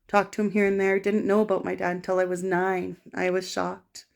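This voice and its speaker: A middle-aged woman from Canada in an emotional personal monologue, rambling, raw and halting. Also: mid-range voice, monotone, gravelly. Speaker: vlogger.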